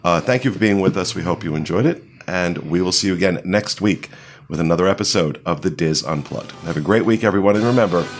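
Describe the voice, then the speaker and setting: A man's voice: deep voice, brisk. A man hosting a casual panel podcast, hesitant and full of fillers as he wraps up the episode. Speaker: podcast host.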